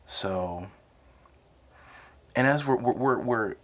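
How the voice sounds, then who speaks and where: A man's voice: medium pitch, slow, fairly bright tone. A young man from New Jersey with a Jersey accent, hosting a casual, rambling monologue full of swearing and restarts. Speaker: host.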